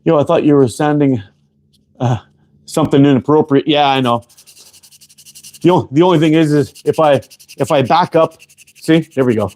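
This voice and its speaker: A man's voice: a little high, normal speed, pauses often, a little mellow. A man hosting a casual livestream while working in his shop, chatting loosely and swearing freely as he greets viewers by name. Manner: laid-back, profane, greets viewers by name. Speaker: livestream host and slingshot maker. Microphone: camera close up, leaning in to read chat.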